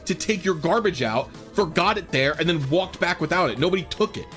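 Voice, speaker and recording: A man voicing a male coworker who explains things calmly and plainly, a bit higher than his own voice. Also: brisk, faint music behind. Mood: patient explanation. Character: calm, matter-of-fact male coworker.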